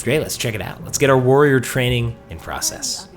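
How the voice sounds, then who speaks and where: A man hosts a let's play, his voice bouncing up and down with lively intonation as he chats enthusiastically. He reads the game's quest dialogue aloud like a storyteller, at a middle pitch, with faint music playing underneath. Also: moderate pace. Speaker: gaming host.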